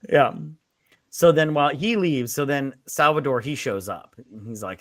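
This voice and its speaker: A man's voice: medium pitch, expressive, moderate pace, no echo, clean studio sound. A man co-hosting a casual, tipsy movie review, rambling through the plot and quoting characters with plenty of swearing. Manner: rambling, retells scenes with quoted voices and swearing.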